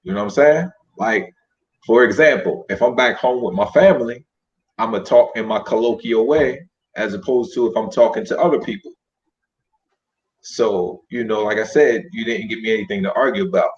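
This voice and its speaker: Low-voiced guy laying out his points calmly, muffled lo-fi audio. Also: normal speed. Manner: laid-back, counts off points. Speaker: panelist in online discussion. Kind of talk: casual debate chat. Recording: dull lo-fi stream audio.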